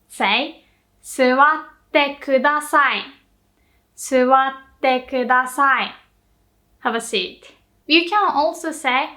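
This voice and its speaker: A young woman with a Japanese accent, teaching Japanese in a casual lesson, slowly repeating example phrases. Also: high voice, pushed and bright.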